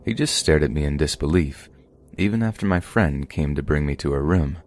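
A man reads true horror stories for his podcast in a voice that sits at the very bottom of the male range. His delivery is steady and measured, the tone of a scripted narration. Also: extremely low pitch. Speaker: podcast host reading stories.

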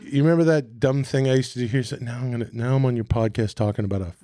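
A man's voice: medium pitch, racing, dark tone, no echo, studio quality. A man in his forties, a guest actor telling rambling, self-mocking stories in casual podcast chat. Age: 40s. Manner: rambling, self-mocking storytelling, slips into silly voices.

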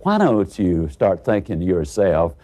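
Man giving a motivational talk, super lively swoopy voice, acts out little stories. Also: low-pitched, a little slow. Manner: animated storyteller who acts out characters; asks rhetorical questions. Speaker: motivational speaker. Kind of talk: motivational storytelling speech.

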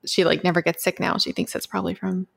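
A woman's voice: fairly low pitch, little pitch movement, fast talker, gravelly. A woman co-hosting a podcast in casual chat, talking in a rambling way with many fillers. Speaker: podcast co-host.

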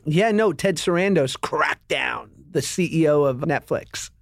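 A man's voice: on the high side, animated, measured pace, creaky, dry recording. A man in his thirties co-hosting a casual chat, joking and laughing often. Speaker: podcast co-host.

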